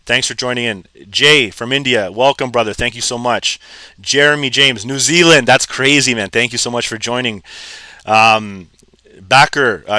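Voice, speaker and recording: A man's voice: mid-range voice, dry recording. Upbeat Canadian man hosting a live stream. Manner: excited, calls viewers bro and man. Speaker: live trading stream host. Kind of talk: casual live-stream chat.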